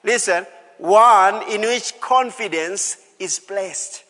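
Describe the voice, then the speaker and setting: A man's voice: sits high, slow pace, bright, forceful tone, big-room sound. A man preaching a sermon as pastor, emphatic, repeating key phrases and calling out to the congregation. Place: church hall.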